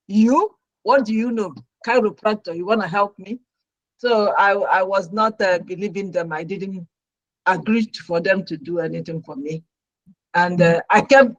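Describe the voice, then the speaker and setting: A middle-aged woman, a registered nurse, telling her own story as a talk show guest with lively, dramatic delivery. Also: medium pitch, no echo, low-quality recording. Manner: animated storyteller who acts out her own past reactions.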